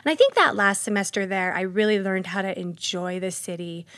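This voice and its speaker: Woman guest, mid-pitch, chatty storyteller who laughs easily, dry close-miked sound. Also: fairly quick, fairly bright tone, dry recording. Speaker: podcast guest. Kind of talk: casual storytelling interview.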